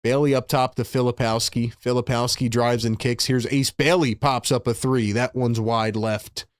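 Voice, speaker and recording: Male stream host, mid-pitched voice, dry close mic, casual fan play-by-play, quick to get worked up. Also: dry recording. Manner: excitable, frustrated fan talk with slang.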